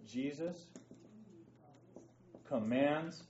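Drawing out his words in a somewhat high, slightly mellow voice, a Bible study teacher leads an interactive lesson. He speaks emphatically, quizzes his class and keeps asking "okay?". The echoey room and distant dull mic carry a little hiss or hum.

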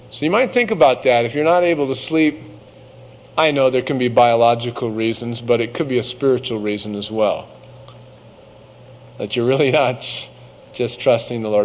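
A man preaching a sermon, reading scripture slowly and measuredly, then breaking into casual asides. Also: mid-range voice, expressive, a little mellow, long reverb tail, highs cut off, a little hiss or hum.

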